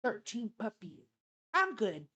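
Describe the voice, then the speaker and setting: A middle-aged woman holding forth on her live stream, blunt and salty with her language, all fired up. Her voice sits a little higher than most women's. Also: big pitch swings, slow, bright, forceful tone, husky. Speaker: livestream host. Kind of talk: live political talk stream.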